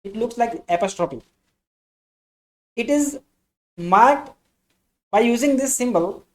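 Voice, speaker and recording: A woman's voice: a little high, lively intonation, takes it slowly, darkish tone. A woman gives an English lesson in an explanatory lecture style. She repeats key phrases for emphasis and calls her listeners friends. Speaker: English teacher.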